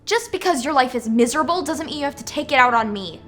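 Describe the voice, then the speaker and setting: An actress playing a sarcastic, defiant teenage daughter in a film drama. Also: female voice, high voice, expressive, fast talker, a bit bright. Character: mouthy teenage daughter named Amber. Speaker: actor. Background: film score music.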